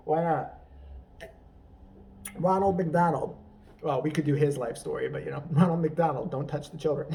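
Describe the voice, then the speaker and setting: A man's voice: a little high, very animated, fairly quick, darkish tone, distant mic, slight background noise. Rambling, crude man laughing at his own jokes. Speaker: comedy vlogger. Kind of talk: profane improvised comedic rant.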